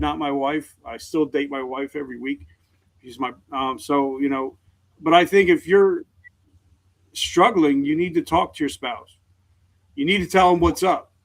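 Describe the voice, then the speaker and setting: A middle-aged man, a veteran guest on an interview show, speaking earnestly and openly in halting sentences. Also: a little high. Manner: earnest, halting, emotionally open. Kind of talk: candid interview talk.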